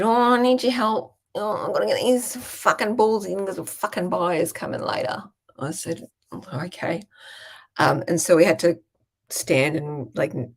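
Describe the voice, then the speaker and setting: A woman's voice: on the low side, vocal fry, a little mellow, breathy edge. A woman with a regional Australian accent, chatting casually and swearing freely while hosting a live Q&A. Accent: Australian, regional Queensland. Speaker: business coach hosting a Q&A.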